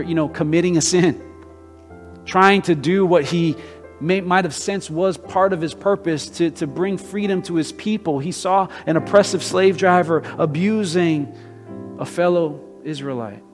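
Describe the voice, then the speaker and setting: A man in his thirties preaching a sermon, talking conversationally with frequent restarts and building to loud, emphatic passages. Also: medium pitch. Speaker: pastor. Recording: long hall reverb with faint guitar.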